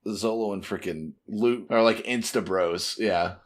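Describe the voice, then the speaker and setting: Animated, profane man on a podcast. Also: fairly low pitch. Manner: animated and profane, acting out characters' lines in quick voices. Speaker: podcast co-host. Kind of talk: casual podcast chat recapping a comic.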